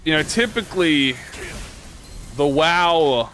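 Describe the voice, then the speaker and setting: Lively, joking young gaming commentator man. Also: on the high side, slow pace, soft background music. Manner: excitable, joking, swears freely. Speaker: gaming YouTuber. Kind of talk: casual gameplay commentary.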